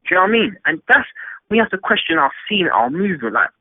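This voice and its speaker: A fast-talking man with a husky voice, his pitch swinging all over as he rants emphatically. He comes through a tinny phone line with a dry, close sound, and he rambles in a casual discussion. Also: no echo. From England. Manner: animated, emphatic, rambling rant. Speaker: panel guest.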